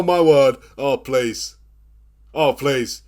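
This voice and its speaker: A man in his thirties commentating his own football management game, swinging between nervous groans and excited shouts. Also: mid-range voice, measured pace. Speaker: gaming channel host. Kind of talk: let's play commentary.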